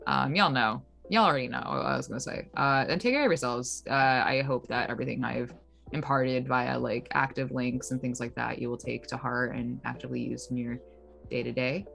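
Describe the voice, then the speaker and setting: A woman's voice: rumbling low, fairly quick, gravelly, fairly bright tone. A woman in her twenties, tired and chatty, saying goodbye to viewers with lots of "like" fillers. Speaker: player. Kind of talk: casual goodbye on a stream. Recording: faint music behind.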